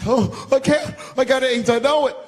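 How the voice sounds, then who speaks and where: A man voicing a terrified passenger on a bus who screams and wails in a shrill voice. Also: steady tone, moderate pace. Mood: panicked. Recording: live crowd laughter over loud room noise.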